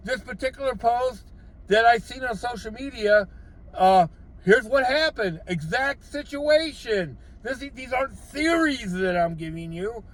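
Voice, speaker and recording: A man's voice: very high-pitched, animated, unhurried, fairly bright tone. An older man, a gig delivery driver, giving blunt, exasperated advice in a casual vlog from his vehicle. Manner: blunt, exasperated, lecturing with rhetorical questions.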